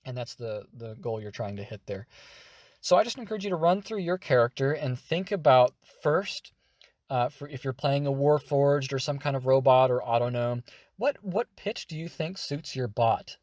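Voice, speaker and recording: Guy teaching character voices, energetic, dry close sound. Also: mid-range voice, moderate pace, dry recording. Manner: energetic, demonstrative. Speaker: voice acting teacher. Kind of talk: tutorial explanation.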